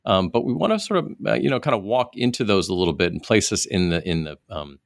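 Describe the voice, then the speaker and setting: A male interview host with a fairly low voice and a lively, swinging pitch. He asks long, halting questions with plenty of restarts, and the recording sounds dry and close. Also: gravelly, no echo. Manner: hesitant, with many fillers and restarts.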